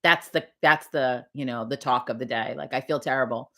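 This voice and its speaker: A woman's voice: a bass voice, normal speed, a bit bright. A woman hosting a casual morning livestream, chatting with viewers in a rambling, profane way. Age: older. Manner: chatty and profane, laughs often. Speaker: livestream host.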